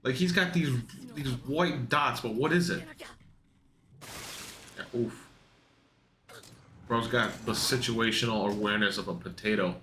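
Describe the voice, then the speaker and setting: A young man in casual, profane reaction commentary, excitable and laughing, mocking the characters in put-on voices. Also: mid-range voice, normal speed, few pauses, a little hiss or hum. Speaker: anime reaction youtuber. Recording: echoey room.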